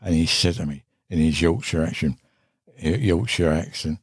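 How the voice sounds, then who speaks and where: A man's voice: deep voice, lively intonation, moderate pace, slightly rough, no echo. An older English man telling a fishing story in a rambling, casual way, swearing often and laughing as he goes, on a studio mic. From England. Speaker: guest angler. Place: podcast studio.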